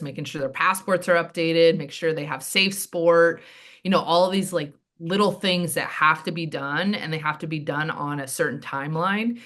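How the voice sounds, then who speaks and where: A woman in her thirties, a handball player and team director, telling stories in a chatty, animated way as an interview guest. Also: deep voice. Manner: chatty, animated storytelling with frequent "like" and "um". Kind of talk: casual interview chat.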